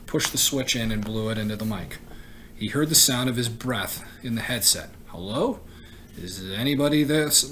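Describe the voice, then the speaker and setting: A man, a teacher, reading a novel aloud in a steady voice, with the odd stumble and self-correction. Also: lowish voice, a little hiss or hum, rough recording.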